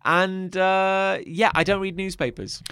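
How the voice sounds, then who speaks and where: A man's voice: high-pitched, steady tone, measured pace, pushed and bright, smooth, no echo. A man co-hosting a comedy podcast, riffing on absurd ideas with dry wit. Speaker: podcast co-host.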